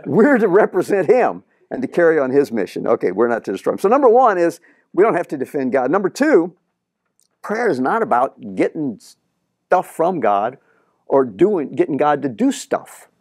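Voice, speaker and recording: A middle-aged male pastor preaching a sermon in an animated way, acting out the prayers he quotes. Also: on the high side, moderate pace, no echo, clean studio sound.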